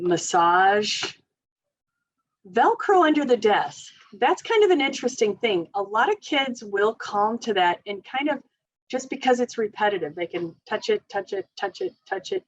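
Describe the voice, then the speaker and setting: A woman's voice: fairly high pitch, animated, unhurried, highs cut off. A woman occupational therapist giving an informal training talk to parents, chatty and loose, with many fillers and frequent small laughs.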